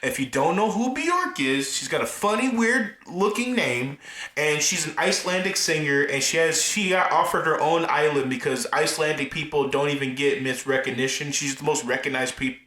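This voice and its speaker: A man's voice: fairly high pitch, moderate pace, sharp tone. A man co-hosting a podcast, chatting casually about a film, laughing often and slipping into slangy talk and mock voices. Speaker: podcast co-host. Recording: echoey room.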